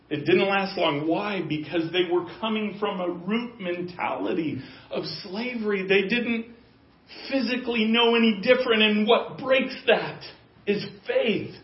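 A male pastor preaching a sermon, emphatic and given to repeating key phrases for weight. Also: high-pitched. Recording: echoey, dull lo-fi room sound.

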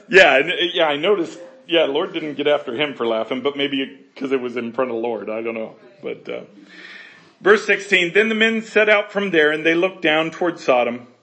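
A man's voice: mid-range voice, fairly bright tone. A man leading a verse-by-verse Bible study. He reads scripture aloud, then comments casually, laughing easily and acting out the characters' lines. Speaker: Bible teacher.

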